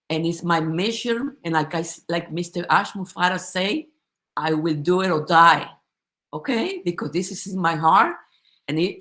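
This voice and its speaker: Her mid-range voice has a fairly bright tone as she delivers a heartfelt, impassioned testimony to a group. A supporter of the company, she is emotional and keeps restarting what she's saying.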